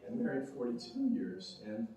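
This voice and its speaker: A man in his sixties giving a rambling, heartfelt acceptance speech at a banquet, with halting restarts. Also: medium pitch, sing-song, dark tone, slight background noise. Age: 60s. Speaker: award recipient. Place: banquet hall. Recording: echoey banquet hall, distant mic.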